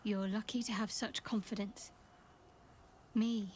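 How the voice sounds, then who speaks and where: A woman voicing a guarded young female cleric in a video game, speaking in a measured, restrained, somber way. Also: mid-range voice, steady tone, a little hiss or hum, close to an everyday voice.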